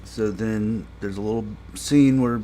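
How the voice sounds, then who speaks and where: A man talks through a TV episode review in a casual, meandering way, leaning on fillers and restarts. His voice sits fairly low and he takes his time. Faint noise hums in the background. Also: measured pace. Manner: rambling, heavy on fillers, gets exasperated and louder when complaining.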